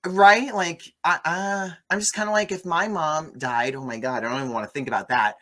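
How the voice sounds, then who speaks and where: A man hosting a casual movie review chat, animated and gossipy, often swearing. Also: on the high side, a little fast. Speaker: host.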